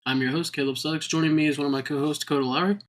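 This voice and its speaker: A man hosting a casual movie podcast, talking in quick animated bursts and laughing often. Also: a little high. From American South. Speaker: podcast host.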